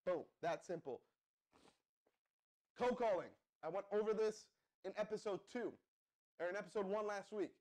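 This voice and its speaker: Casting note: young male live-stream host, energetic hype pitch, slightly higher voice, keeps firing questions at the chat. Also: normal speed, long pauses. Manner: pumped-up, addresses viewers as guys, asks the chat to respond. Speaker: livestream host.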